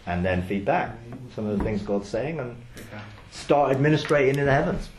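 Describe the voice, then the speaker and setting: A man leading a small church meeting, talking in a relaxed, halting way with frequent restarts. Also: mid-range voice. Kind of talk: casual group discussion. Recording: echoey room with faint noise.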